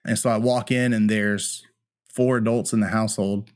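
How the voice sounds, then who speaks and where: A man with a lowish voice tells a hard personal story in a candid, plainspoken way. He sounds like a firefighter-paramedic guest on a podcast, speaking frankly and with feeling. The sound is dry and close, with no room echo. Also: level tone, moderate pace, a little mellow, clear, resonant tone. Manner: candid, plainspoken, emotional retelling.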